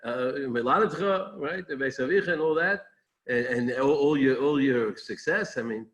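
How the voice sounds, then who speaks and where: A man's voice: medium pitch, moderate pace, low-quality recording. A man giving an informal Torah talk as a rabbi, conversational and digressive, thinking aloud as he goes.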